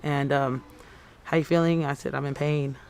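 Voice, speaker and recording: A woman in her thirties being interviewed for the news. She recounts her story in a halting, repetitive way, often acting out her own quoted words. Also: a bass voice, fairly even intonation, gravelly, a little mellow, a little hiss or hum. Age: 30s. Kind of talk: personal account in a news interview.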